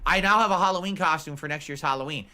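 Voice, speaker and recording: A man's voice: fairly high pitch, fast, over a noisy crowd. A man chatting casually on a stream, answering chat messages in a musing, talkative way.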